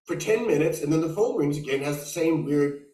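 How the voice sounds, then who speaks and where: A man telling a rambling personal anecdote in a casual, animated way, full of restarts. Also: a little high, fairly quick. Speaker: guest storyteller. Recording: roomy, distant played recording.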